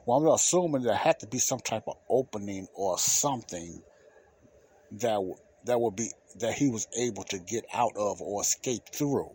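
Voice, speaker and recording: A man hosting a podcast, telling a personal story in a casual, animated way, repeating himself and using colloquial speech. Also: lowish voice, moderate pace, slightly rough. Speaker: podcast host.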